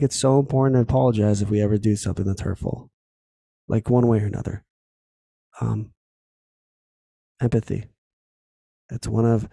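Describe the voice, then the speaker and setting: A man talks through a solo podcast episode in an easygoing, candid way, swearing freely and acting out small scenes as he goes. His voice is low and gravelly with a mellow, warm tone. It sounds close and dry. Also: no echo. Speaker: podcast host. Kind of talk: casual solo podcast talk.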